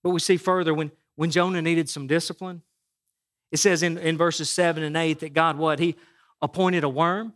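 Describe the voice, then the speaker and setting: A man's voice: fairly high pitch, level tone, normal speed, a bit bright. A man preaching a sermon as pastor, talking in a loose, conversational way with frequent restarts and "right?" to the congregation. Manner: conversational, repeats words, asks the crowd "right?".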